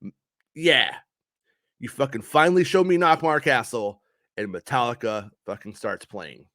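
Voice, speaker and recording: A man's voice: medium pitch, measured pace, a bit bright, no echo. Man, casual review, frustrated rant, frequent swearing, dry room. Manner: frustrated, ranting, swears often. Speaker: show reviewer.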